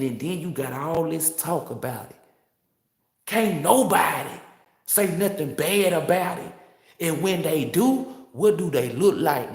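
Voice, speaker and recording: A woman's voice: low voice, a little mellow, roomy sound. A woman tarot reader giving casual, motivational commentary in a brash, preachy, profane and playful manner.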